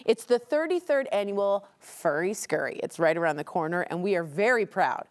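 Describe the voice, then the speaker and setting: A woman's voice: lowish voice, lively intonation, normal speed. A woman hosting a TV lifestyle show, interviewing guests in a gushing, playful way. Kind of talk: upbeat TV interview banter.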